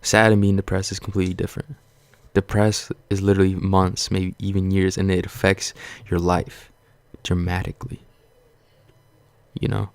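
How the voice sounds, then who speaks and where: Gravelly low-voiced man ranting bluntly. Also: little pitch movement, moderate pace, no room sound. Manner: blunt, profane, rambling and repetitive; earnest, reassuring. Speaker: vlogger. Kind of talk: casual motivational rant to camera.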